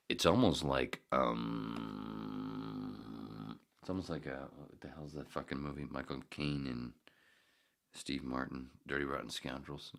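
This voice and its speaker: Male podcast host, very low and fry-heavy, animated pitch swings, profane joking ramble with whispered asides, nursing a painful elbow. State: in pain from a healing elbow. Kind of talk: casual rambling podcast monologue.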